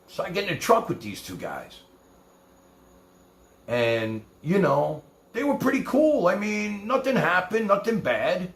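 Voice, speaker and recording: New york guy rambling thru a wild story, lots of swearing, pitch jumping all over, echoey room. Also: sing-song, a little slow. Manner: profane, rambling anecdotal. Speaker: streamer. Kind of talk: casual storytelling.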